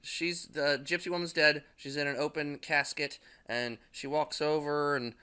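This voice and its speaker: A young man gives a loose, rambling movie recap, full of fillers and curse words. He laughs at his own jokes as he goes. His voice is bright and crisp. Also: fairly high pitch, steady tone, normal speed. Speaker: movie reviewer.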